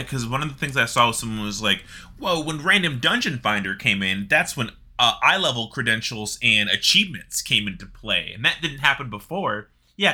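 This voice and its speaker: A man chatting casually about a video game, telling stories with swearing and laughter. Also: medium pitch. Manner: animated, swearing, laughing storyteller. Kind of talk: casual gaming chat.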